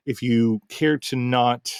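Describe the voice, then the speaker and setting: Gravelly man telling a game story. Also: mid-range voice, fairly even intonation, slow pace, no room sound, clean studio sound. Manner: rambling, full of fillers and restarts. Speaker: game master and podcast host. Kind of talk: casual podcast storytelling.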